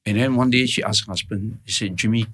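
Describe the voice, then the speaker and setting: A man's voice: lowish voice, a little fast, a bit bright. A man speaking as a guest in an interview, telling a personal story in earnest, plain words and often checking in with "right?". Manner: keeps checking in with "right?" and "all right?"; earnest, plain-spoken retelling.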